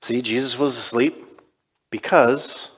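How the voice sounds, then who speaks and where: A man's voice: medium pitch, steady tone, slow, slightly rough. A male pastor preaching a sermon in a conversational way, retelling scenes and voicing quoted dialogue. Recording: long reverb in a large church.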